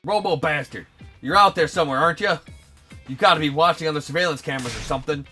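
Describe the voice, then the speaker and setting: A man voicing a hot-headed young male student who yells loudly and angrily. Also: fairly high pitch, fast, over music, voice pushed up, lightly acted. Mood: furious. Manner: loud, angry shouting.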